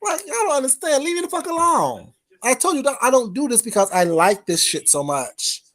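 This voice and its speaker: Woman livestreamer, fairly high voice, cussing out her chat, combative and blunt. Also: sing-song, a little fast. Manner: profane, confrontational, swings loud and quiet. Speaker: livestream host. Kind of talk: heated livestream rant to chat.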